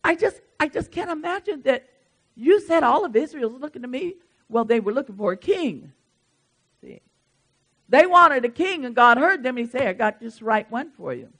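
Woman preacher, high voice, goes quiet then booming, church sermon. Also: very animated, moderate pace, low-quality recording. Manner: dynamic, swings from hushed to loud emphasis.

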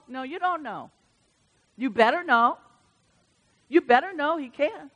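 A woman preaching a sermon in church. She swings from hushed asides to loud, emphatic bursts. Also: sits high, lively intonation, unhurried, long pauses. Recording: reverberant church hall.

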